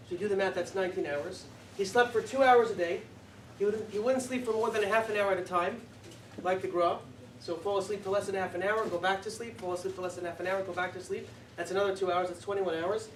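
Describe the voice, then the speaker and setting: Animated, high-voiced rabbi in an echoey hall. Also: male voice, a little hiss or hum. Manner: animated, emphatic, says "like" often. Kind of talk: Torah lecture. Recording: echoey room, distant mic.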